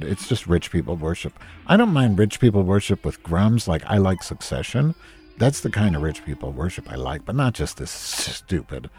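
A man's voice: sits low, mellow, slightly rough. A man from New Jersey hosting a casual ranting monologue, grumpy, sarcastic and full of swearing. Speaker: host.

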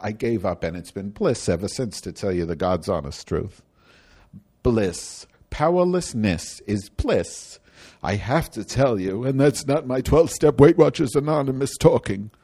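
Brief: man doing an indignant, rambling Chicago bus-riding lady, lively theatrical rant, comedy monologue. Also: medium pitch, a little slow. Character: cranky indignant woman from Chicago, bus rider.

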